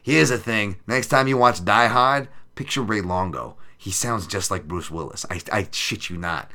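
Casual and profane, this livestream features a male podcast host reading the chat and making fight picks with plenty of sarcasm. His lowish voice has a sharp tone and moves at normal speed.

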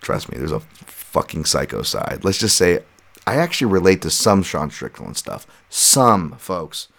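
A man in his thirties with a deep voice and a gravelly edge, ranting through a solo podcast. He talks in a loose, swearing, rambling way, jumping from aside to aside. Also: sing-song, unhurried, a bit bright. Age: 30s. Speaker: podcast host and fight analyst. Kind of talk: casual solo podcast commentary.

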